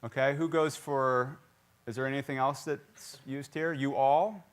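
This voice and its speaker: A man's voice: mid-range voice, a little slow, clear, resonant tone. A man raised in South Carolina, preaching a sermon in a church and quizzing the congregation with jokes. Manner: lively, joking, quizzing the congregation. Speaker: pastor. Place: church sanctuary.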